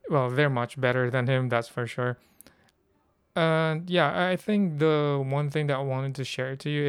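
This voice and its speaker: A man's voice: medium pitch, clean tone, no echo. A man from the Philippines, hosting a casual solo podcast and thinking aloud with many fillers. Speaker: podcast host.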